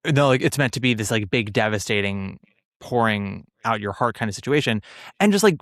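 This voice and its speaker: A man's voice: on the low side, a little fast, dry recording, clean studio sound. A man hosting a podcast, chatting casually and with strong opinions about theater. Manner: opinionated, animated, trails off and restarts. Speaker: podcast host.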